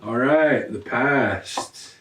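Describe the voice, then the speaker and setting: A man's voice: medium pitch, extremely slow. A man co-hosting a tarot reading show in casual chat, playful and teasing, bursting into laughter. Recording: roomy, distant mic, loud music behind.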